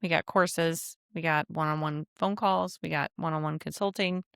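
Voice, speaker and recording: A woman's voice: low-pitched, steady tone, moderate pace, creaky, a bit bright, smooth, no room sound, studio quality. A woman hosting her own podcast, talking in a rambling, chatty, self-deprecating way, her voice nasal and stuffy from allergies. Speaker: podcast host. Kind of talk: casual solo podcast monologue.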